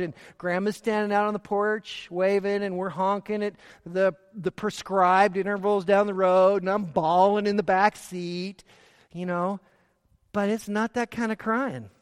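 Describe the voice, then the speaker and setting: A man preaching a sermon, earnest and emphatic, dropping to quiet low asides. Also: smooth, big-room sound.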